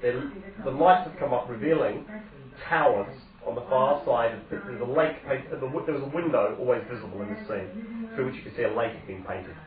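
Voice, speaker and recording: A man's voice: mid-range voice, lively intonation, brisk, a crowd in the background. A man narrating a tabletop game as game master, speaking conversationally with frequent hesitations and self-corrections. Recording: echoey, distant, phone-like sound.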